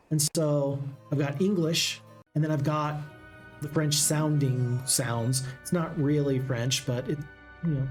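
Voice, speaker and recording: A man with a slightly high, mellow voice talks through his moves in a strategy game, chatty and musing aloud to his viewers. Faint game music plays underneath. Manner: chatty, thinks aloud, addresses folks. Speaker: gaming channel host. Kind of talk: casual strategy game commentary.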